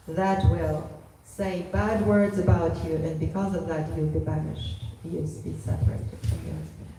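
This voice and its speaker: Vengeful widowed bird voiced by a woman, loud and bitter, distant roomy sound. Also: lowish voice, a little hiss or hum, close to an everyday voice. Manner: angry, vowing. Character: grieving male parrot, furious and vengeful. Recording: echoey hall from far off.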